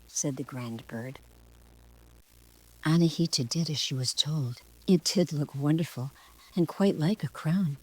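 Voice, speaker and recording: An older woman narrating her own storybook in a soft, often whispery way. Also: low voice, a little slow, low-quality recording.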